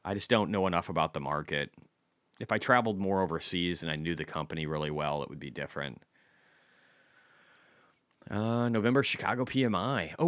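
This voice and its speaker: A man's voice: low-pitched, a bit bright, no room sound, clean studio sound. A man hosting a casual stock market livestream, blunt and chatty, reading economic data aloud and answering viewers' questions.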